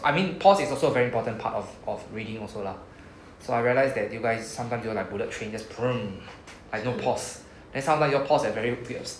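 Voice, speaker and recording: A man's voice: mid-range voice, slight background noise. Singaporean man teaching in a roomy room. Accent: Singaporean English. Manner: chatty, drawls out sounds when modelling words. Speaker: Japanese language teacher. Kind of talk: casual classroom teaching.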